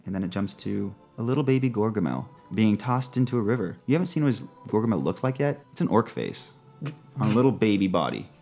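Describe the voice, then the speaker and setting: A man narrating a tabletop role-playing game as game master, slowing down to describe scenes, laughing and swearing casually. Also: fairly low pitch, animated, a little mellow, soft background music.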